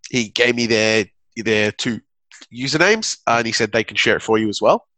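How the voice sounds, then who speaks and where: Rambling young-sounding man, bright voice. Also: lowish voice, moderate pace, no echo. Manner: rambling, filler-heavy, upbeat. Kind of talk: casual chat.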